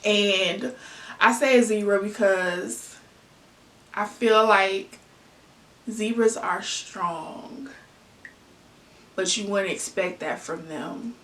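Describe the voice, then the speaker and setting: A Southern US woman from Arkansas/Tennessee, speaking very slowly with frequent pauses in a mid-range, fairly bright voice, chats casually in a get-to-know-me vlog. She answers her own questions using fillers and asides, with the mic placed at a distance in an echoey room.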